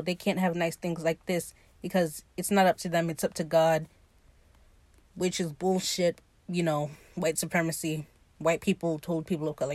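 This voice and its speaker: Excited woman gushing over a show. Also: medium pitch, no echo. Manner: animated, gushing and swearing, acts out the characters' lines. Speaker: podcast host recapping a TV episode. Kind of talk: casual solo commentary.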